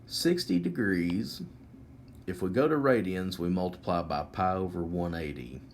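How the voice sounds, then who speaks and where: A man teaching a whiteboard math lesson, explaining each step slowly and methodically. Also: sits low, expressive, slight background noise.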